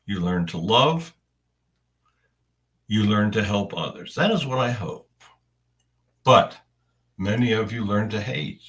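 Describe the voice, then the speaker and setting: A man with a fairly low voice delivers a first-person spiritual message at a very slow, unhurried pace. He speaks in deliberate, halting phrases with long pauses between them. The recording picks him up a bit far from the mic. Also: animated, fairly bright tone.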